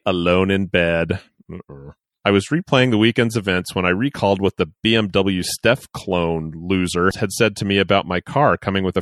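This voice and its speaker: Lively low-voiced male podcast host. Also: dry recording, studio quality. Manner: animated, jokey, reads aloud with playful asides. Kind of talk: casual podcast chat and letter reading.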